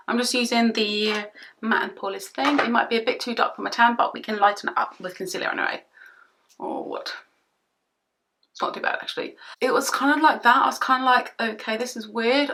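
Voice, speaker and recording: Young British woman, beauty vlogger, bright tone, chatty and rambling. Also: mid-range voice. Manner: chatty, rambling, exasperated retelling. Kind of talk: casual storytime while doing makeup.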